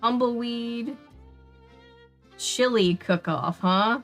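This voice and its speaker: A woman's voice: medium pitch, moderate pace, fairly bright tone, faint music behind. A woman with a Southern US accent, chatting casually and laughing often while streaming a video game. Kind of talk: casual gameplay chat.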